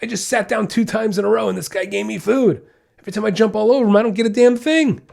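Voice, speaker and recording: An excited dog blurts out its amazement in a voice pitched well above the speaker's usual , as a man puts it on. The exclamations climb and get louder as it goes. It sounds delighted and wide-eyed. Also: fast talker, gravelly. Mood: amazed.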